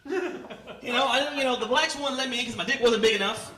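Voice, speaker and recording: This thirtysomething comic works a comedy club crowd in an animated stand-up set, throwing in Spanish words and landing punchlines loudly. He talks in a very high voice at a slightly fast clip, recorded in an echoey club with audience noise.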